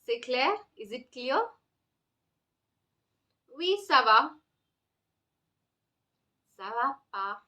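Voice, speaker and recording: A woman teaching beginner French online, slowly repeating each phrase for learners to copy. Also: fairly high pitch, expressive, bright, forceful tone. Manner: slow, drills phrases with repetition. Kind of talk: online language lesson.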